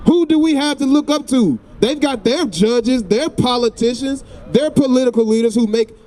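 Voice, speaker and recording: A man's voice: very high voice, moderate pace, warm tone. A man with a Southern US accent preaching on a city street, asking pointed questions and repeating phrases for emphasis.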